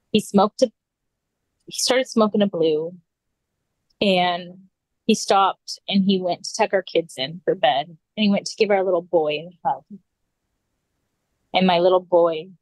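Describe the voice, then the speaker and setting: A woman guest on a podcast, earnestly recounting a personal story and often clearing her throat. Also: on the low side, no room sound, low-quality recording.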